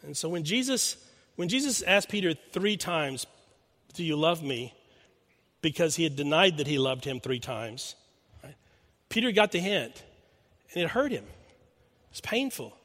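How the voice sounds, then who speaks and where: A man's voice: a little high, very animated, normal speed, long pauses, a bit bright. A man preaching a sermon in a church, telling a story earnestly and asking his listeners questions. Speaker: pastor. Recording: long hall reverb.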